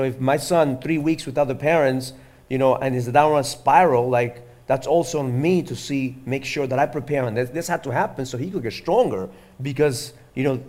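A man's voice: mid-range voice, a little mellow. A middle-aged man speaking earnestly as a father, rambling with lots of fillers in a casual conversation. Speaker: father and podcast host.

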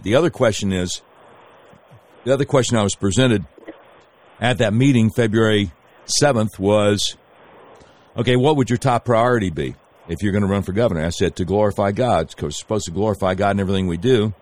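Low-voiced man telling a long story. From Arkansas. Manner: rambling, storytelling with hesitant fillers. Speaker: guest, candidate for governor. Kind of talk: casual interview talk.

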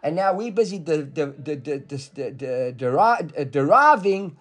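Guy teaching talmud, kinda high voice, lively, acts out the rabbis, asks his student questions. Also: normal speed. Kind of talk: explaining a text in a study class.

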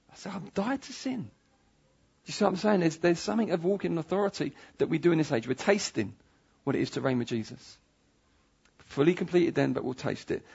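A man's voice: high voice, creaky, husky. A man preaching a sermon, emphatic and pleading, repeating his phrases for weight. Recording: dull lo-fi sound.

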